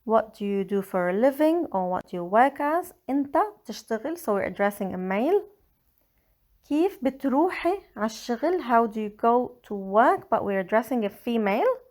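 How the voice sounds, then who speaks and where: A woman with a Lebanese accent, slowly and carefully explaining grammar in a language lesson. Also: a little high, animated, darkish tone. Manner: slow, careful explaining with Arabic examples. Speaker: Arabic teacher. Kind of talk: scripted language tutorial.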